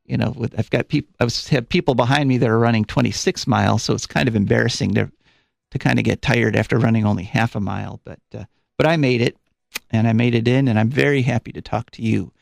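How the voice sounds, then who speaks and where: Speaking fast with a steady tone, a man with a creaky, medium-pitched voice runs a live call-in radio show from a studio, using a studio microphone with no echo. His talk is chatty and rambling, full of fillers, and he sounds a little breathless.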